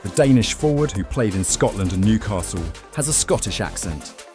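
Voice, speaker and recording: Low-voiced male narrator over music. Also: lively intonation, moderate pace. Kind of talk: scripted narration.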